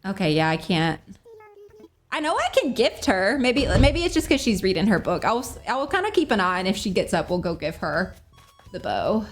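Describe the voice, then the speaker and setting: Bubbly young woman streamer, lively pitch. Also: moderate pace, soft background music. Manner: bubbly, apologetic, giggly, chatty. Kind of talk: casual gameplay chat.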